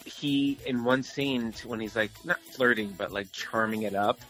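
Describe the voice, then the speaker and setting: A man's voice: medium pitch, moderate pace, bright, forceful tone, soft background music, rough recording. A man co-hosting a movie podcast, chatting casually and rambling with lots of fillers. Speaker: podcast co-host. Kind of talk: casual chat.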